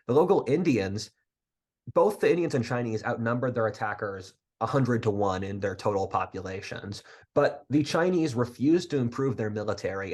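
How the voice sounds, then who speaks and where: Here the same kind of speaker, a man in his 20s from outside Philadelphia, USA, sounds lowish and a touch mellow. He's chatting casually as an interview guest on a podcast, earnest and prone to long rambling digressions.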